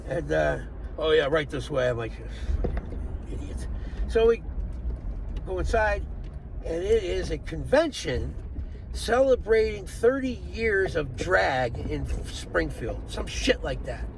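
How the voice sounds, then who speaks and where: A man's voice: on the high side, big pitch swings, slow pace, vocal fry, noisy background. A man telling a rambling, profane, wry story in a casual monologue, recorded in a vehicle. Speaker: vlogger.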